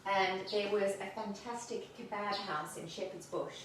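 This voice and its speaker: A woman's voice: mid-range voice, steady tone, moderate pace, distant mic, a little hiss or hum. A woman from Africa, speaking, hosts a home cooking video. She talks in a chatty, rambling way and laughs easily. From South Africa. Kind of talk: casual cooking demonstration and chat. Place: home kitchen. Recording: echoey room, voice away from the mic.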